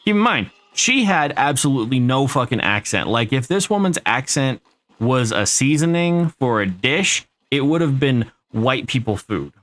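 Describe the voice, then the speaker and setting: A man's voice: mid-range voice, big pitch swings, normal speed, fairly bright tone. An American man chatting casually on a live stream while playing a game, rambling through an anecdote and swearing freely. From United States.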